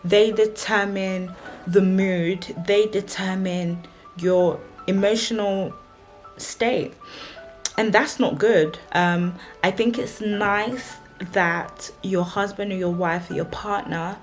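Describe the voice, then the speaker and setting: A woman's voice: medium pitch, steady tone, slow, faint music behind. A young woman, a married vlogger giving chatty, emphatic relationship advice and repeating her warnings. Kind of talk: casual advice talk to camera.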